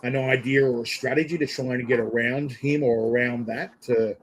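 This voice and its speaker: A man interviewing a guest in casual chat, telling animated stories and acting out the quotes. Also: medium pitch, moderate pace, slight background noise, low-quality recording. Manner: animated storyteller, acts out quotes with big laughs.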